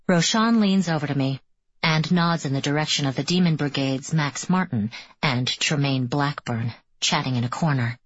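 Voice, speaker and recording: A woman narrating an audiobook in the first person, with measured, immersive reading. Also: low voice, husky, no room sound, lo-fi sound.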